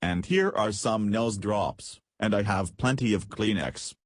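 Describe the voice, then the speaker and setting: A man's voice: on the low side, unhurried, no echo, clean studio sound. A man voicing an earnest little mouse boy. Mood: kindly. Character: tiny mouse boy, polite and caring. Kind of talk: audiobook character voice.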